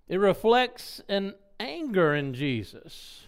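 A man preaching a sermon, asking the congregation rhetorical questions and acting out sounds. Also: high-pitched. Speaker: pastor.

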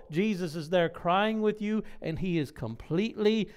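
High, smooth-voiced male preacher. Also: normal speed, few pauses. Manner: animated preaching with rhetorical questions and mimicked sounds. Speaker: pastor. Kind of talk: sermon.

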